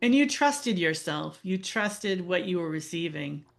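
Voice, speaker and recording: A woman's voice: lowish voice, lively intonation, unhurried. A woman interviewer asking questions in an attentive, affirming manner. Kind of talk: conversational interview.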